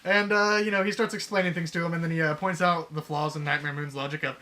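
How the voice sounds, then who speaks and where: Brief: male co-host, bright and somewhat high voice, laughing, profane, acts out quotes in casual chat. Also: steady tone, fast, hardly any pauses. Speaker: podcast co-host. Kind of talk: casual chat retelling a fanfic.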